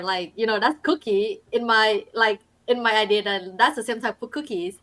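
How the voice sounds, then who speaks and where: Bright-voiced woman from Vietnam. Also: a little high. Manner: halting, searching for words. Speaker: international student guest. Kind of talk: casual panel talk.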